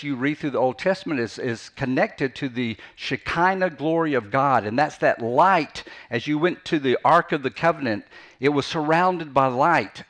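A man's voice: medium pitch, a bit bright. A man preaching an unscripted teaching sermon, earnest, often repeating phrases for emphasis and restarting his sentences. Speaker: pastor.

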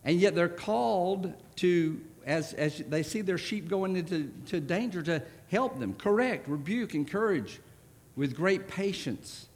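A man preaching a sermon, stressing words hard and then dropping to a soft voice for key points. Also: high voice, lively intonation, a little slow, few pauses. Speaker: pastor.

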